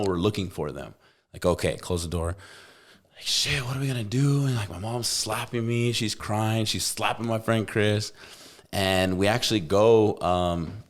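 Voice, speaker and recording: A young man with a low voice tells a wild story on a podcast, loose and animated, dropping swears and quickly acting out the people in it. His tone is relaxed and conversational. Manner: animated, acts out quoted voices, swears casually. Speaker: podcast host. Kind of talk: casual storytelling.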